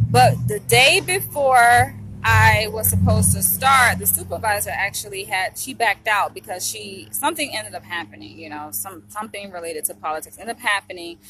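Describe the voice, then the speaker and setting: A woman's voice: medium pitch, background noise. A young woman chatting to camera in a vlog, emotional and talkative, often turning to speak straight to her viewers. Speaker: vlogger, psychology trainee. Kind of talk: casual chat to camera.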